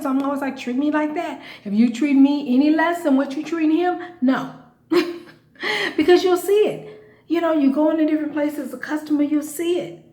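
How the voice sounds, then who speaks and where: A woman vlogger with a fairly high voice talks to her viewers in a loose, chatty way. She leans hard on repeated phrases and laughs often. The room adds a clear echo. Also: a little mellow. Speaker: vlogger and comedian. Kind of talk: casual direct-to-camera talk. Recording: echoey room.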